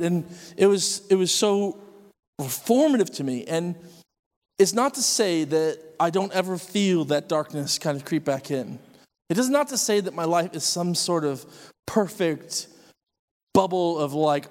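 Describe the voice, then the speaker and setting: Male preacher, slightly high voice, earnest testimony, long hall reverb. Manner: earnest, intense, rising to excited outbursts. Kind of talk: sermon testimony.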